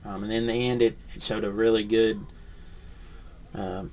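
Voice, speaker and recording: A man's voice: lowish voice, moderate pace, slight background noise. Man reading a picture book aloud. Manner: lively storybook reading, rising on punchlines, then soft and hesitant when reviewing.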